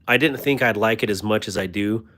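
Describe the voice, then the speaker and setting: Low-voiced man chatting on a livestream. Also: brisk. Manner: chatty and self-deprecating, thanks viewers warmly. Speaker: host of a knife livestream. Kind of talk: casual livestream chat reading comments.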